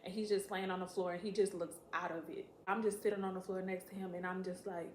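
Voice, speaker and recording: A woman telling a story to camera in a casual, profane, animated way, acting out what people said. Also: fairly low pitch, quick pace, slight background noise. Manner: profane, animated, acts out quotes. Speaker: storytime vlogger. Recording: echoey room.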